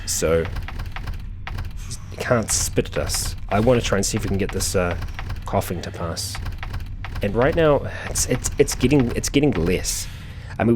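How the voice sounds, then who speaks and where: Low-voiced man narrating his gameplay. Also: a little mellow, a little hiss or hum. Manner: chatty, thinking aloud, frequent fillers. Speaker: let's play host. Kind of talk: gameplay commentary.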